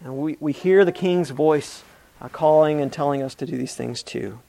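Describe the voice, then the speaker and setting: Male preacher with a high voice, earnest delivery, reads scripture with emphasis. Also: moderate pace, gravelly, mellow. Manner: repeats words and restarts mid-phrase. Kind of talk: sermon.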